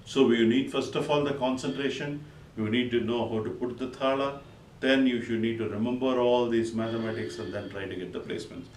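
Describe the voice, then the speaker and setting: A man's voice: mid-range voice, a little hiss or hum. Man teaching rhythm from across a roomy space. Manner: counts beats aloud and recites drum syllables in bursts. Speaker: music teacher. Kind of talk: spoken music lesson with counting and rhythm syllables. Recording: echoey room, voice from a distance.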